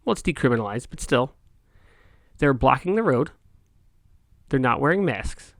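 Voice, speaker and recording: A man's voice: medium pitch, expressive, normal speed, no echo, clean studio sound. A middle-aged man vlogging, telling a story in a heated, exasperated rant with frequent restarts. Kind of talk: casual rant to camera.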